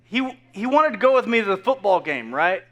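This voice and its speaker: A man's voice: sits high, very animated, brisk, a bit bright, highs cut off. A man in his thirties preaching a casual, joking sermon full of asides to the congregation. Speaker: pastor. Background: faint crowd.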